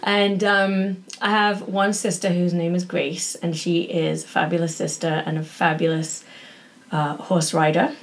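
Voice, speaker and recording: A woman's voice: lowish voice, level tone, unhurried. A woman, a pediatric doctor chatting as a guest and laughing easily. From northern England. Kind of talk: casual interview chat.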